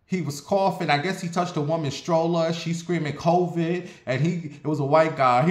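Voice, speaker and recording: A man from Ohio telling a casual story in an animated, profane, dramatic way. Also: on the high side, normal speed, few pauses. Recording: roomy echo.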